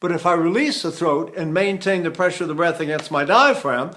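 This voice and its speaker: A man's voice: on the high side, fairly quick, bright, forceful tone. An older man, a tenor and voice teacher, explaining singing technique in a digressive, explanatory way. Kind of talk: vocal technique lesson with sung demonstrations.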